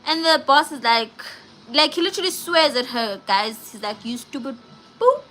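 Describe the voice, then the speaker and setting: A woman chatting on a live stream, retelling a film's plot with animated slang-filled storytelling. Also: high-pitched, normal speed, slight background noise, rough recording. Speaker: vlogger doing a live movie review.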